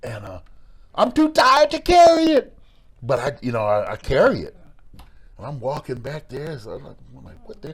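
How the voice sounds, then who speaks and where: A middle-aged man spins stories from his wrestling days, his pitch leaping up and down as he acts out voices. He talks in an animated, repetitive way. His voice sits in an ordinary middle register. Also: moderate pace, slightly rough. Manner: animated storyteller, acts out voices, repeats words. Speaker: former pro wrestler and football player, interview guest. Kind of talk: storytelling in a podcast interview.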